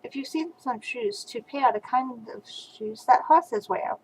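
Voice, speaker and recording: A woman's voice: on the high side, a little slow, a little hiss or hum, lightly acted, rough recording. A woman reading aloud as a sad young male horse looking for his shoes, in an earnest, pleading storybook voice.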